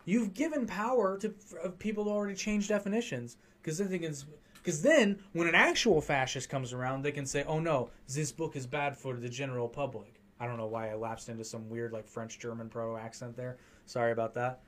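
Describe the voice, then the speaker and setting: A man's voice: a little high, brisk, fairly bright tone. A man hosting a podcast, ranting heatedly and with a lot of profanity during a casual political chat. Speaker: podcast host.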